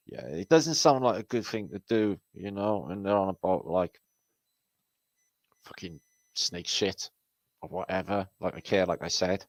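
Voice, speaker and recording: Man, British accent, low voice, swoops in pitch, sweary rambling livestream chat. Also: no room sound. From Britain. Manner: swears constantly, rambling and sardonic. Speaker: livestream host. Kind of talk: casual live chat reading viewer comments.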